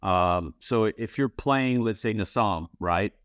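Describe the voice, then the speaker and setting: Male interviewer, low voice, rambling and candid, dry close sound. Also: slow pace, no echo. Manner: rambling, full of "you know" and restarts; candid, swears casually. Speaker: interviewer, playwright and actor. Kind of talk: casual interview talk.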